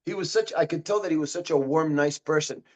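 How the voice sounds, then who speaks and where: Animated storytelling man, higher voice. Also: quick pace. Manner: animated, repeats and restarts phrases. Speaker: martial arts instructor, guest. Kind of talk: casual storytelling in an interview.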